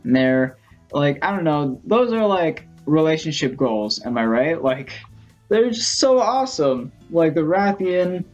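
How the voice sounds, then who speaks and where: A man vlogging in a casual storytelling style, rambling and excitable, full of fillers. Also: on the high side, a little slow, lo-fi sound, faint music behind. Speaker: gaming vlogger.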